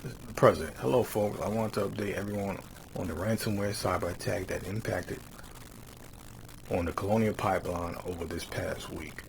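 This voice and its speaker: A man giving casual commentary, reading quotes slowly and then rising into heated, mocking rants that end phrases with "man". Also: deep voice, fairly even intonation, vocal fry, slight background noise, rough recording. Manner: drawls "man" at phrase ends. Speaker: religious commentator.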